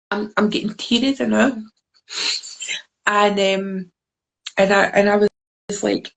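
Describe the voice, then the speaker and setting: A woman's voice: mid-range voice, level tone, slow, creaky, long pauses, poor audio. A Scottish woman being interviewed over a video call, telling a story in a rambling way with many fillers and restarts. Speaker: guest, deck creator.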